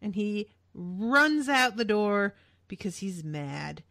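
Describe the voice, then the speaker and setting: A woman co-hosting a podcast, recapping a show in casual chat, blunt and quick to curse. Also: mid-range voice, very animated, vocal fry, fairly bright tone, no echo, studio quality. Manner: blunt, swears freely. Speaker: podcast co-host.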